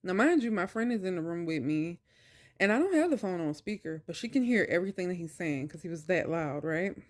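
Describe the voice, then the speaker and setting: A woman's voice: fairly low pitch, expressive, fairly quick. A young woman vlogger telling a personal story in a casual, emphatic, colloquial way, with exasperated asides.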